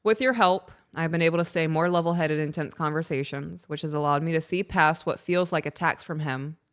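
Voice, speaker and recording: A woman co-hosting a live advice podcast, reading listener emails aloud with playful asides. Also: low voice. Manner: playful, teasing banter between steady reading.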